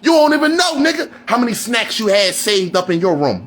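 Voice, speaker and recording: Guy on a live stream going off, high pitched, bright edgy voice, swearing and yelling, keeps asking am i lying. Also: big pitch swings, brisk, hardly any pauses, slight background noise. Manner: profane, preachy, often shouting; repeats questions to press the listener. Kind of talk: heated live-stream rant.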